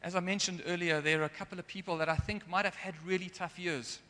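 Guy giving a sermon, bit high and bright voice, earnest, long echo in a big hall. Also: steady tone, fast. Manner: earnest, gets emotional at times. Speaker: preacher.

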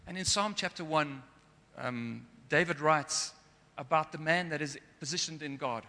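Guy giving a sermon, bit high and bright voice, earnest, long echo in a big hall. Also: normal speed. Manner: earnest, gets emotional at times. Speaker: preacher.

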